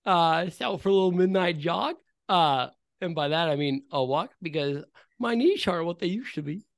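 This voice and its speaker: A woman's voice: on the low side, lively intonation, moderate pace, no echo, studio quality. A woman playing a folksy, rambling elderly man in a tabletop game.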